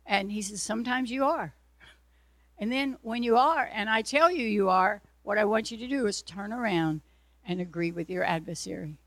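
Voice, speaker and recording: A woman's voice: mid-range voice, normal speed, dry recording. A woman preacher giving an earnest sermon testimony, telling her story and acting out her own prayers and God's replies.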